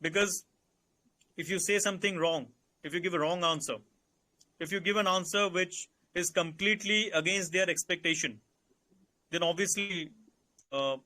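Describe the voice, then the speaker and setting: A man with an Indian English accent coaches candidates in a calm, instructive way and circles back to restate his points. His voice sits high and sounds bright and forward. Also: normal speed, pauses often. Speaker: interview coach. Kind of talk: advisory Q&A session.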